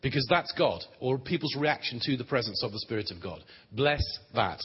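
Casual guy teaching on prayer, husky, echoey hall, muffled. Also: mid-range voice, lively intonation, normal speed. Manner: plain, conversational, dry humor. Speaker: conference speaker on prayer ministry. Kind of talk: teaching talk at a Christian conference. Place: large conference hall. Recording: dull, reverberant hall recording.

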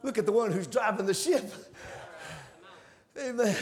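Fervent preacher, high gravelly voice. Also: male voice, normal speed, long pauses. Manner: fervent, rising to shouted climaxes; storytelling in a folksy, conversational way. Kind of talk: sermon.

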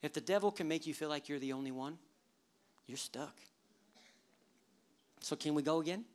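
Animated male pastor in his thirties. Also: fairly high pitch, moderate pace. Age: 30s. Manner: animated storytelling, acting out worshippers' inner thoughts with humor. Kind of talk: sermon.

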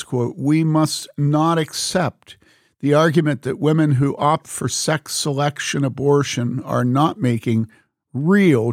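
Guy reading a book out loud, steady and serious, dry mic, no room sound. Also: mid-range voice, dry recording. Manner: measured, earnest reading with spoken quote marks. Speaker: reader.

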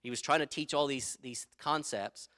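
Male pastor, middle-aged, emphatic sermon, bright tense tone. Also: medium pitch, moderate pace. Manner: emphatic, repeats key phrases, tells anecdotes.

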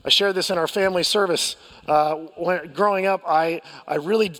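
Man, American accent, pastor, sermon, self-deprecating storyteller, higher voice, long hall reverb. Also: steady tone, normal speed, fairly bright tone. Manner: candid storytelling with self-deprecating humor and frequent restarts.

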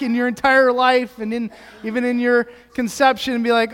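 A young pastor with a strikingly high voice tells a story in a relaxed, rambling way, leaning on fillers and false starts. His sermon rings out with a long reverb from the church sanctuary. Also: moderate pace. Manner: casual storytelling with many fillers.

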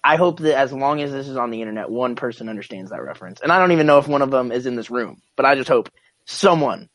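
A man's voice: mid-range voice, expressive, quick pace, a bit bright, no room sound. A young man in a casual podcast chat, rambling with many restarts, swearing and calling people bro. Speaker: podcast co-host.

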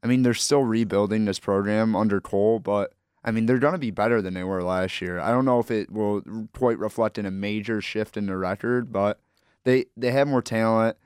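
A young man co-hosting a casual sports podcast, giving relaxed, hedging opinions. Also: on the low side, fairly quick, clear, resonant tone, dry recording, studio quality. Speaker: podcast co-host.

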